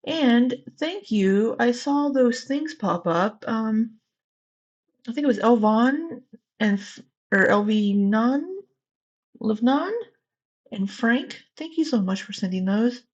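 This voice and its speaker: A woman's voice: a little high, animated, slow, long pauses, muffled recording. A woman with a Southwest Missouri accent, hosting a casual livestream and greeting chat viewers by name in a chatty, candid way. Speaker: livestream host.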